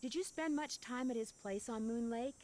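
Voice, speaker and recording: A woman's voice: a little high, normal speed, mellow, a little hiss or hum, close to an everyday voice. An actress voicing an earnest, curious young woman detective in a mystery video game, asking polite questions.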